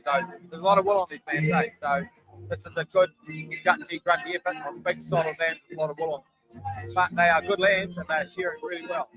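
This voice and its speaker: High-voiced New commentator with music. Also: male voice, steady tone, fast talker, fairly bright tone, poor audio. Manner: chatty, folksy, calls running tallies. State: tired after a long day. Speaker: shearing commentator. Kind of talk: live sports commentary. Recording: clear music behind the voice.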